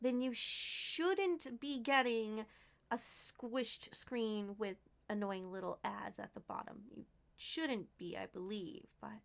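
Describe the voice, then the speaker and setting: A woman's voice: mid-range voice, slow pace, gravelly. A woman streamer chatting casually with her live viewers, giggling often and thanking them by name.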